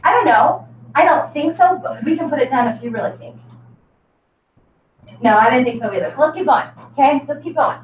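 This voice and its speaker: A woman's voice: high voice, lively intonation, fairly quick, a little hiss or hum. A woman teacher leading a reading lesson, coaxing and prompting her students in an upbeat way. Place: classroom. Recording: echoey classroom from far off.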